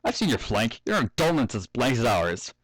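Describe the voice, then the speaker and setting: A man's voice: medium pitch, very animated, normal speed, slightly rough, dry recording. A man voicing a cocky, smirking little filly pegasus pony in a fan story reading, teasing and scornful.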